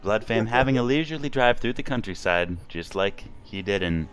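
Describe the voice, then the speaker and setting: A man doing live sim racing commentary, with jokey, quick play-by-play and frequent laughs. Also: on the low side, animated, fairly bright tone, a little hiss or hum. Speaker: race commentator.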